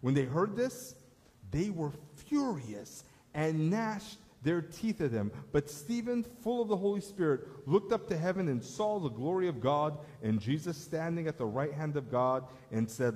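A man's voice: on the high side, animated, a little slow, a little mellow. A man preaching a sermon as pastor, telling a story in an earnest way that rises to emphatic appeals, in a church sanctuary. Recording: echoey church hall.

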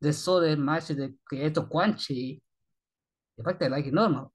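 An excitable Argentine man whose first language is Spanish hosts a YouTube reaction channel, giving casual reaction commentary. He rambles in broken English and swears frequently. His voice is fairly high and slightly rough, and he speaks unhurriedly.

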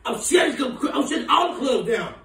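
A man playing a furious, foul-mouthed woman who runs a big city, ranting in shouts and laughter. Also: very high-pitched, very animated, fairly quick, heavily acted. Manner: shouting, profane, laughing rants. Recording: echoey room, voice from far off.

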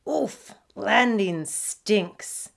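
A fancy, prissy pirate pug girl who shows off and sounds thoroughly pleased with herself, as a woman puts her on. Her lines swoop up and down with lively flair, slow and drawn out. Storybook read-aloud. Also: mid-range voice, voice pushed up. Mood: dramatic.

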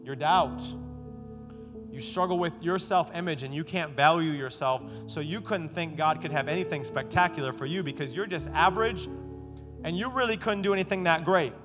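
A man preaching an energetic youth sermon, acting out quotes with stammers and sudden loud bursts. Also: on the high side, moderate pace. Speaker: youth pastor. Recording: live in a hall with music playing behind.

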